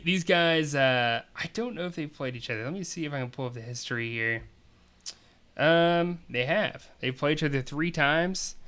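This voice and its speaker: A man talks through fantasy matchups in a loose, casual host style. His voice is bright and forceful, and his analysis wanders with plenty of fillers and restarts. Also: mid-range voice, smooth. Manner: rambling, chatty, filler-heavy analysis. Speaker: fantasy league podcast host. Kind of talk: casual sports talk commentary.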